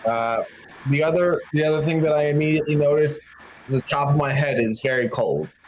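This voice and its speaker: A man's voice: on the high side, a little fast, a little hiss or hum. A man playing a tabletop game, describing his character in the first person. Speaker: player. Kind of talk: in-character roleplay narration.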